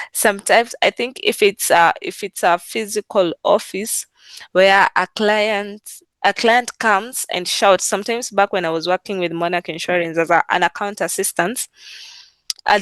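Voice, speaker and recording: A woman's voice: medium pitch, a bit bright, no echo. A woman who works in client service, talking casually and unhurriedly about her work, with many fillers and repeated phrases. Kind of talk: casual talk on work practice.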